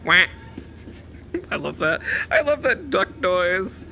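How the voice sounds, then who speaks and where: A man's voice: sits high, big pitch swings, takes it slowly, vocal fry, background noise. A man streaming a horror game, jumpy and swearing constantly, with nervous laughter. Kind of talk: live horror game commentary.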